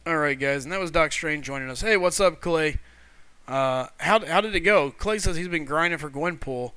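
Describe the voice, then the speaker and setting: A man's voice: fairly high pitch, moderate pace, bright, forceful tone, clear, resonant tone, no room sound. A man with a Missouri twang, hosting a casual live game stream and chatting with viewers in a friendly way. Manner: chatty, friendly, reads viewer comments aloud.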